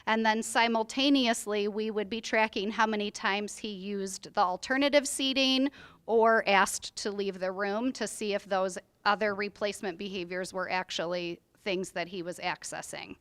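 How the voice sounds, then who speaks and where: A woman's voice: medium pitch, steady tone, normal speed, fairly bright tone, clear, resonant tone. A woman reporting her group's plan at a training workshop, explaining it step by step with many "like" fillers. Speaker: workshop participant. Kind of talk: group share-out.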